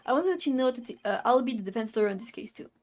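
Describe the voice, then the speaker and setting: A woman's voice: on the high side, expressive, racing, a little mellow. Woman reading an earnest young defense lawyer. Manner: polite, earnest.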